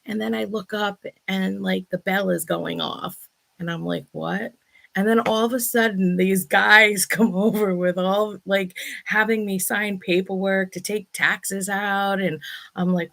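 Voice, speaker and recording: Her voice medium-pitched, a bit bright and marked by vocal fry, a woman in her thirties unhurriedly tells a personal story on her vlog while testing a new microphone. The chatty, breathless retelling is peppered with "oh my God."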